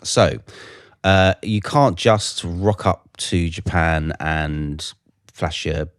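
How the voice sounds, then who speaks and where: A man with a very deep voice enthusiastically tells a car podcast about a recent trip. The sound is dry and close. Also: fairly even intonation, very slow, no room sound. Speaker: podcast co-host. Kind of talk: casual chat.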